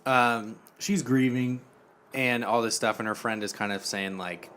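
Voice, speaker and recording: Young male podcast co-host, mid-pitched, rambling casual recap, drops into quiet voices for the quoted lines. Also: fairly even intonation, measured pace, a little hiss or hum. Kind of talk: casual chat, retelling a TV episode.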